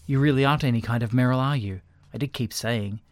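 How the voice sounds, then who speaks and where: A man's voice: mid-range voice, fast, a little mellow, no echo, lightly acted. A man reading a comic story aloud and voicing a sarcastic, jaded young woman. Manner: sarcastic, clipped.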